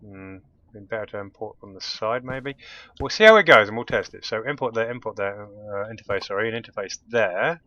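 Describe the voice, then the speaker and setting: A man's voice: on the low side, fairly quick, bright, forceful tone, dull audio. A man casually commentating his own gameplay, thinking aloud and muttering as he works things out. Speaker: let's play host.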